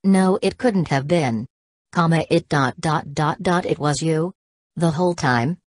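A woman's voice: low voice, a little slow, dry recording, studio quality. A woman reading as a betrayed young man. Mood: anguished. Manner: reads punctuation marks aloud.

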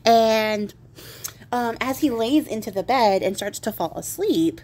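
A woman's voice: fairly high pitch, animated, measured pace, darkish tone. A woman casually retelling a fairy tale in a chatty, irreverent way with wry asides. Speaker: crafting channel host retelling a fairy tale. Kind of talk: casual storytelling.

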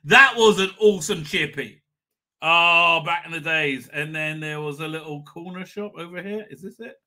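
Middle-aged male host, casual rambling stream chat, slightly high, sharp bright tone. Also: normal speed. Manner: rambling, swears, chuckles often. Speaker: livestream host. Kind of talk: casual live chat reading comments.

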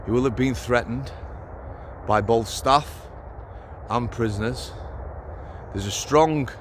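A man's voice: mid-range voice, takes it slowly, slight background noise. A man in his fifties with a Sheffield Yorkshire accent, a former prison officer talking bluntly to camera outdoors in short, punchy phrases. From Sheffield, Yorkshire, England. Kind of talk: casual monologue to camera. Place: outdoors on a cold hilltop.

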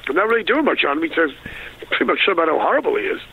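A man's voice: a little high, sing-song, rapid-fire, gravelly, breathy edge, narrow, tinny audio. A man in his sixties, a comedian guest, ranting with lots of profanity in a casual interview from his home. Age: 60s.

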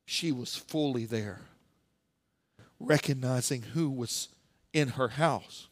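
A male pastor preaching a sermon with animated, humorous storytelling. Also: mid-range voice, slow pace, no room sound.

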